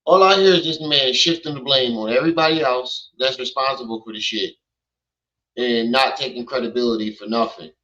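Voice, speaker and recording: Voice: mid-range voice, fairly quick, fairly bright tone. A blunt, profane commenter reacting to a clip on a stream. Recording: dull lo-fi sound.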